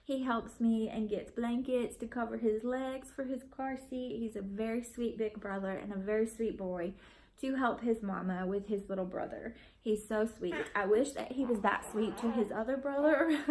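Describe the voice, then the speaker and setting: A woman's voice: fairly high pitch, darkish tone, poor audio. A woman vlogging a casual update to her viewers, gushing and affectionate, with frequent ums. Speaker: vlogger and mother of a newborn.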